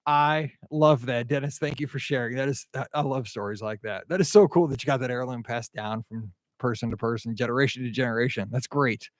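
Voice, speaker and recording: A man's voice: medium pitch, a little fast, few pauses, no echo, clean studio sound. A middle-aged man from the Midwest hosting a podcast, chatting casually in a rambling, enthusiastic way with frequent restarts. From American Midwest. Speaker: podcast host. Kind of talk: casual chat, reading listener feedback.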